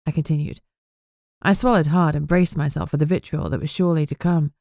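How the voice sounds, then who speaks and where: Low-pitched female narrator, measured first-person audiobook read, dry studio. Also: no echo. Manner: even, measured storytelling.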